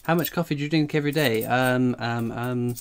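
His voice is medium-pitched, gravelly, clear and resonant, and he speaks briskly. He's an Englishman hosting a casual coin-collecting livestream, reading chat aloud and rambling in a jokey way, jittery from strong coffee.

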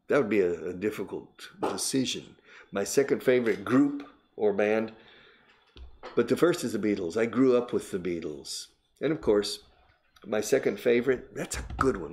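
A man's voice: lowish voice, animated, normal speed, darkish tone. An older man, hosting a chatty English lesson and explaining words in Spanish. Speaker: English teacher and host. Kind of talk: casual spoken English lesson.

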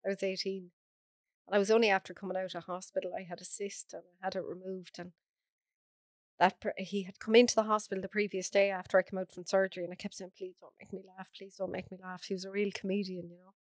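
A woman's voice: mid-range voice, level tone, fast talker, no room sound. An Irish woman, a podcast guest, earnestly recounting a personal story in close detail. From Ireland.

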